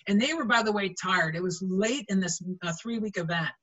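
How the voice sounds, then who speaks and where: A woman's voice: medium pitch, fairly quick, a bit bright, lo-fi sound. A middle-aged woman, a volleyball referee, chatting animatedly in an interview and acting out quoted lines as she tells stories. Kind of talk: storytelling in an interview.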